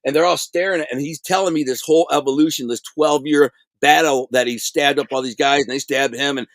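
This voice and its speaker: A middle-aged man telling prison stories in a casual interview, animated and streetwise, full of slang and acted-out quotes. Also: a little high, fairly quick, no echo.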